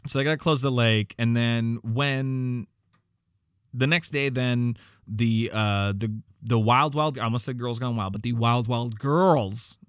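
Another stretch of the co-host's rambling film rundown finds him leaning on fillers, restarting, and voicing the characters' dialogue. His delivery is unhurried, medium-pitched, clear, and resonant, with clean studio sound and no room noise.

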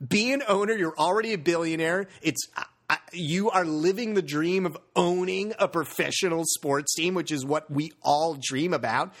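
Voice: mid-range voice, moderate pace, fairly bright tone. A sports podcast host giving a blunt, profane rant in casual talk about basketball and the upcoming schedule.

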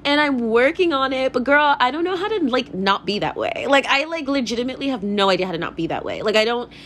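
A woman's voice: high voice, very animated, quick pace, a bit bright, slight background noise. Rambling, candid young woman podcaster. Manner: candid and rambling, many fillers, swears, laughs often. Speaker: podcast host. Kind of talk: casual solo podcast monologue.

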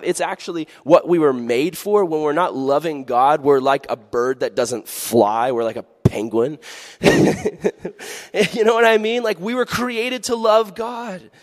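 A man's voice: a little high, big-room sound. A man preaching a youth sermon as a pastor, playful and jokey, with sudden earnest drops.

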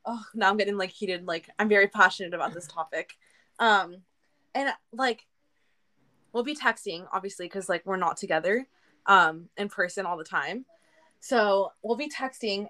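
A woman in casual podcast chat, talkative and animated, laughing often. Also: mid-range voice, normal speed. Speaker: podcast co-guest.

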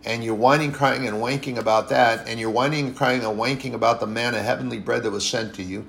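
A man preaching a sermon in a conversational way, repeating phrases for emphasis and pausing to correct himself. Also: medium pitch, steady tone, gravelly, a bit bright. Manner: conversational, repetitive and emphatic, with frequent restarts and apologies.

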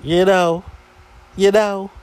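A man's voice: high voice, flat delivery, slow, a little mellow, smooth. A man hosting a podcast, telling a story in a casual, slangy, exasperated way. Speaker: podcast host.

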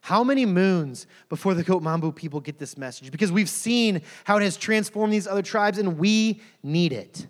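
A man's voice: sits high, animated, normal speed, few pauses, pitched above the performer's own voice. A man voicing a tribal chief, an older man who keeps pressing urgent, repeated questions, in a sermon story. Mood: pleading. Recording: long reverb of a large hall.

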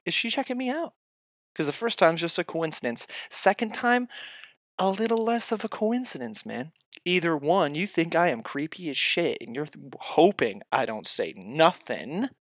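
A man delivering a profane comedic rant straight at the listener, swinging between loud outbursts and muttered asides. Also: on the high side, no room sound, clean studio sound. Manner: heavy swearing, addresses the listener directly.

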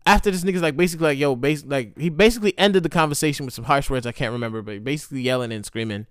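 A man's voice: mid-range voice, rapid-fire, clear, resonant tone, no echo, studio quality. A man telling a personal story in a candid, rambling, emotional monologue full of profanity.

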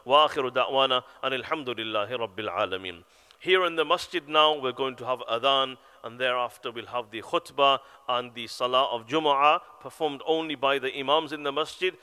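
A man giving an animated sermon in a mosque, telling stories and acting out quoted voices. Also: mid-range voice, a little fast, clean tone. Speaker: preacher.

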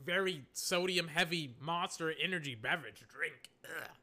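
Young guy rambling through live game reactions, high bright voice, gets all worked up and exasperated. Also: normal speed. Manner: excitable, rambling, exasperated asides.

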